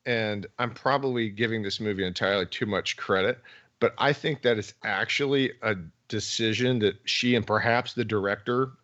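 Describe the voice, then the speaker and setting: A man's voice: fairly low pitch, moderate pace, a bit bright, dull audio. A man co-hosting a casual movie review chat, sarcastic, often restarting with stammers. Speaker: podcast co-host.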